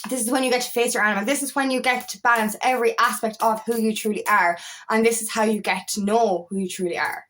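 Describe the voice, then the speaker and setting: Woman, Irish accent, fairly high voice, casual motivational talk, emphatic, swears a lot. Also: fast. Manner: swears freely, animated and emphatic. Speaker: empowerment coach.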